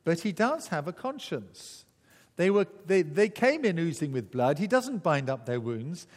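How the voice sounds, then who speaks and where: Guy preaching, voice swings all over, kinda high, big echoey hall. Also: measured pace. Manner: animated storytelling, acting out voices. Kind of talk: sermon.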